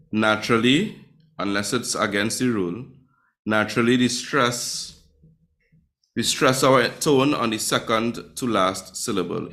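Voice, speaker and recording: A man teaches a classroom lesson with a somewhat low voice. He quizzes his students and keeps tagging "right?" onto his points. His delivery is patient and explanatory. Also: a bit bright. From Trinidad and Tobago. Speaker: Spanish teacher.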